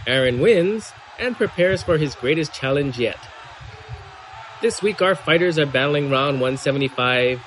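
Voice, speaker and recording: A man's voice: mid-range voice, slight background noise, rough recording. A man presenting a weekly competition update in a scripted, announcer-like read with punchy emphasis. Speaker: segment presenter.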